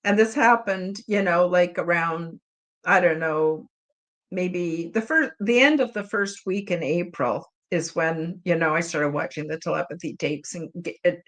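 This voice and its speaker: A woman's voice: lowish voice, a bit bright. A woman hosting a podcast live chat, telling a personal story in a casual, rambling, openly emotional way with many fillers. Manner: rambling and heartfelt, many "you know" fillers. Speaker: podcast host.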